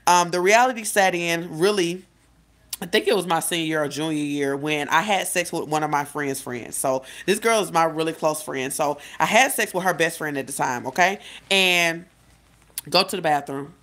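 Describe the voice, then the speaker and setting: A woman's voice: low-pitched, normal speed, a bit bright. A woman in her late twenties telling a personal story in casual confessional style, chatty and talking straight to her viewers, often correcting herself. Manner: chatty, addresses viewers directly, self-correcting. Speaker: life coach vlogger.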